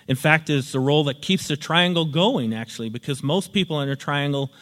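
A man's voice: on the high side, a little fast, a bit bright. Man lecturing in a reverberant hall. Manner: storytelling, explanatory. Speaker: teacher. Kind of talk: spoken lecture with acted examples.

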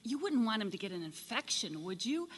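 A woman reading aloud as a weary housewife who argues with her husband, placating at first and then sharp. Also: on the high side, very animated, brisk, slightly rough, long reverb tail. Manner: appeasing then sharp-tongued. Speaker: workshop volunteer reader. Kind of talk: reading a scripted dialogue aloud. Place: sunlit meeting room.

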